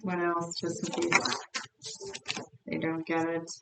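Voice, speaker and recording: A woman's voice: on the low side, completely flat delivery, slow pace, vocal fry. A woman giving a tarot card reading in a blunt, chatty way, often repeating herself. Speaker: tarot reader. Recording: roomy echo, distant mic, faint noise.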